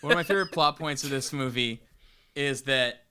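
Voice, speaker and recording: A man's voice: medium pitch, fairly quick, crowd noise. A man co-hosting a movie podcast, chatting enthusiastically and hedging with lots of "like". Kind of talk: casual chat.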